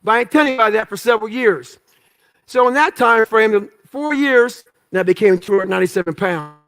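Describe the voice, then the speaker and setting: Speaking at a quick pace in a high, slightly bright voice, a motivational speaker shares his life story with a crowd. He uses short, emphatic, profane phrases and performs the thoughts he had back then.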